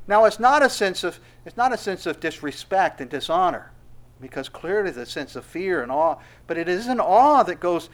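A middle-aged man preaching an expository sermon, rising to loud emphatic peaks and falling to soft asides. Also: high voice, very animated, moderate pace. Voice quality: laughs softly between points. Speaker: pastor.

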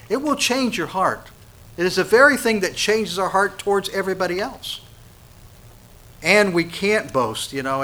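Bright-voiced man preaching a sermon. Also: on the high side. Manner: emphatic preaching, swings between loud stresses and soft asides. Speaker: pastor.

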